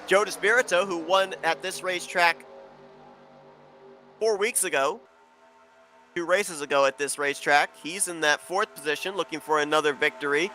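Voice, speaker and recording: A man giving play-by-play commentary on an online sim race, steady and informative, building excitement as the racing gets close. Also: a little high, normal speed, pauses often, soft background music.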